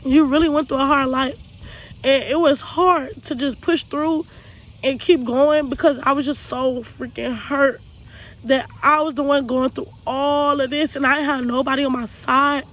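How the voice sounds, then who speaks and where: High-voiced young woman, earnest storytime. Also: steady tone, a little slow, fairly bright tone, low-quality recording. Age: young adult. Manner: earnest, raw, repeats herself, loose casual speech. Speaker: vlogger telling her life story. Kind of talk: personal storytime monologue.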